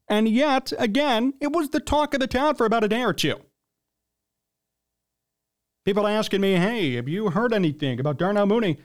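Male sports-show host, fairly high pitched; blunt, emphatic opinion monologue. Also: animated, normal speed, long pauses. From United States.

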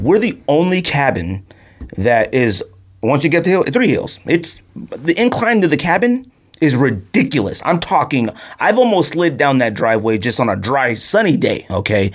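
Male podcast host, thirties, animated storyteller, mid-pitch with a very lively range, jumps high for quotes. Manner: excitable, laughs often, acts out quotes in a high voice.

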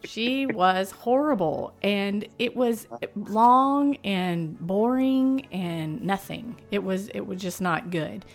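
A woman in relaxed conversation, blunt, sarcastic and animated as she gives her opinions. Her voice sits at a middle pitch. Faint music plays behind her. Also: takes it slowly, hardly any pauses. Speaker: podcast co-host reviewing movies. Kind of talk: casual chat.

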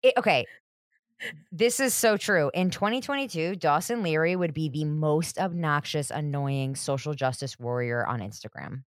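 A woman's voice: low-pitched, expressive, normal speed, no room sound. A woman co-hosting a podcast, chatting casually with dry, sarcastic jokes. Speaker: podcast co-host. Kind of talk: casual chat.

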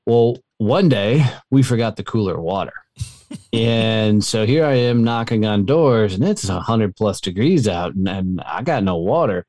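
Easygoing low-voiced storyteller man. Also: animated, unhurried, a little mellow, dry recording. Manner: easygoing, chummy, calls the host dude and brother. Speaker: podcast guest, Marine veteran and entrepreneur. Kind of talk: casual storytelling interview.

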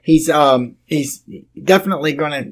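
A man hosts a casual talk show. His voice sits a little high for a man. He rambles and stumbles over the first words of his sentences. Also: normal speed. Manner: rambling, repeats words when starting sentences.

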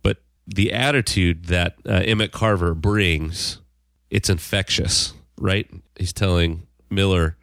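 A man's voice: low voice, slow, creaky, a bit bright, no echo, studio quality. A man co-hosting a podcast, chatting casually about a TV show, rambling with frequent restarts. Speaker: podcast co-host. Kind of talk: casual TV discussion.

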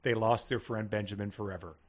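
A man's voice: on the low side, steady tone, fairly quick. Wry male podcast co-host. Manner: wry, sarcastic commentary. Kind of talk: casual comedic book discussion.

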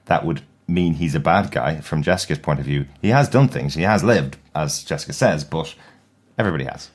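Very deep-voiced male co-host with a measured, explanatory delivery. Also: slightly rough. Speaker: podcast co-host. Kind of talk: casual chat.

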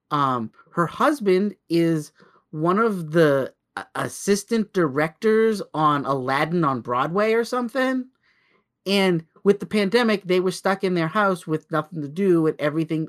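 A man's voice: on the high side, unhurried, a bit bright. A man in his thirties co-hosting a podcast, telling a long story casually with lots of restarts. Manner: rambling storyteller with many restarts and acted-out quotes. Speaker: podcast co-host.

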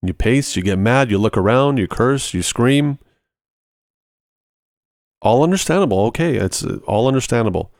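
A man's voice: medium pitch, lively intonation, normal speed, pauses often, darkish tone, no echo, studio quality. A man hosting a ministry podcast, teaching in a conversational way and walking through everyday examples step by step, repeating short phrases for emphasis.

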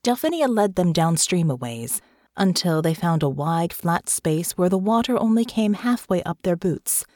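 A woman with a lowish voice narrates an audiobook in an expressive, measured storytelling style. The scripted reading is recorded in a studio with no echo.

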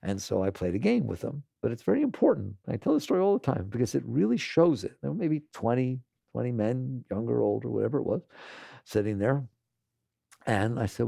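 A man's voice: medium pitch, animated, moderate pace, vocal fry, dark tone, no echo, clean studio sound. A man giving a spoken teaching to an audience, emphatic and rhetorical, often checking in with his listeners. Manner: tells stories and acts out other people's lines. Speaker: spiritual teacher.

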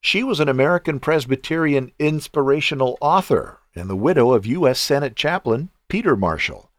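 A male podcast host giving devotional talk, earnest and encouraging, in the manner of a pastor. His pitch moves in lively rises and falls, and the recording is dry and close, with no trace of room sound. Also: moderate pace, no room sound.

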